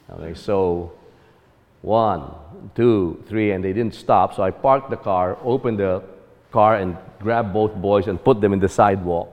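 A man's voice: deep voice, fairly even intonation, a little slow, in a large hall, dull audio. A man telling a personal story about fatherhood as an earnest testimony.

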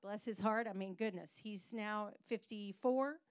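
A middle-aged woman pastor preaching a sermon, telling a personal story in an animated way with pauses for emphasis. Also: medium pitch, smooth, no room sound.

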